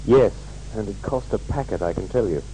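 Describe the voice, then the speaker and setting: A man's voice: fairly low pitch, animated, a little fast, mellow, a little hiss or hum, natural voice, poor audio. A man playing a glum car owner. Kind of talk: scripted language-course dialogue.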